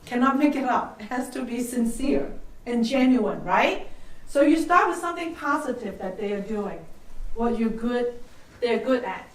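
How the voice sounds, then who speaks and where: An older woman giving a workshop on soft skills, coaching the audience and tagging points with "right?" and quick questions. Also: on the high side, lively intonation. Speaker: workshop speaker. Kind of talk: soft-skills seminar talk. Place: seminar room. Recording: echoey room, voice from far off.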